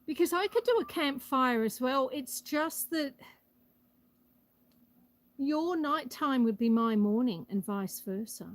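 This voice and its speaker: A woman's voice: high-pitched, expressive, takes it slowly, pauses often, rough recording. Breathless, chatty woman live-streaming outdoors. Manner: chatty, reads out viewer comments. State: a bit out of breath. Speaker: homestead livestream host. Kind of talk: casual live-stream chat. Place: outdoors on a rural property. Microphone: phone held for live stream.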